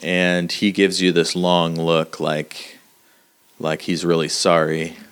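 A man narrating a tabletop role-playing game as game master, halting with many fillers. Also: sits low, monotone, fairly bright tone, clear, resonant tone.

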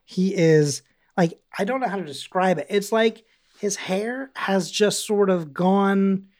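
A man's voice: sits high, a little slow, a little mellow. A man co-hosting a podcast, chatting casually about a TV episode, rambling with lots of fillers. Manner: rambling, many fillers, acts out quotes. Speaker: podcast co-host. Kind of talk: casual chat recapping a TV episode.

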